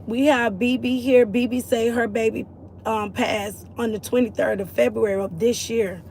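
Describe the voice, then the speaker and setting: A woman from Florida hosts a casual faith-based livestream. Her voice sits a bit high with a strong gravelly fry. She speaks earnestly and encouragingly, greeting and answering viewers in the chat. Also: steady tone, normal speed, a little mellow, a little hiss or hum. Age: adult mother. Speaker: livestream host.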